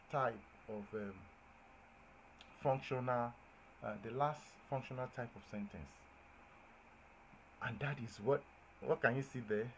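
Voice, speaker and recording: A man giving a grammar lesson at a medium pitch, stressing his examples with lively emphasis and checking that his listeners follow. A faint hiss of noise sits behind his voice. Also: rough recording. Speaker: teacher. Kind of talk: classroom-style grammar lesson.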